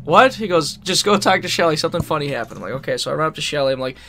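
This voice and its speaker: A man's voice: a little high, lively intonation, rapid-fire, fairly bright tone, slight background noise. A man co-hosting a podcast, telling a rambling story in casual chat, laughing often and swearing freely. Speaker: podcast co-host.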